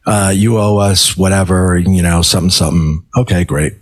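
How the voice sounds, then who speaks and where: A middle-aged life coach, appearing as a podcast guest, emphatically tells a personal story in a casual interview and acts out his own quoted words. His voice is low, his pace moderate, and there's no room sound.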